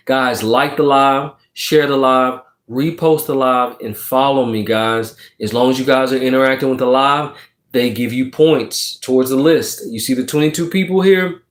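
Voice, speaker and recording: A man's voice: mid-range voice, normal speed. A man reading tarot cards on a casual livestream, talking emphatically and preachily, checking in with his listeners and swearing now and then. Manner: swears casually while encouraging. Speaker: tarot card reader on a livestream. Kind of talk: casual livestream chat, reading viewer comments.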